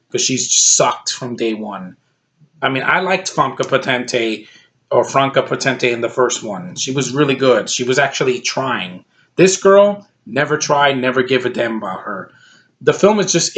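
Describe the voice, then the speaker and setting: A man's voice: medium pitch, fairly bright tone. Guy venting about a bad movie, blunt, fed up, keeps restarting his sentences. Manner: blunt, exasperated, rambling with restarts. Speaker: movie reviewer. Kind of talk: casual ranting review.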